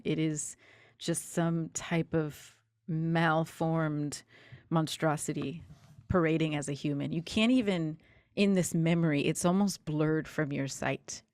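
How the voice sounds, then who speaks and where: A woman narrates a horror tabletop scene as game master, slow and deliberate. Her voice sits a little low. The recording is dry and close. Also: a little mellow, dry recording.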